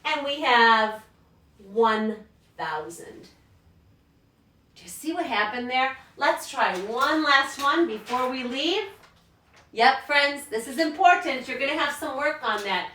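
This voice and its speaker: A woman's voice: high voice, expressive, slow pace, pushed and bright, a little hiss or hum. A woman teacher giving a recorded math lesson to children at home, upbeat and encouraging, calling them friends. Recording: echoey room, mic at a distance.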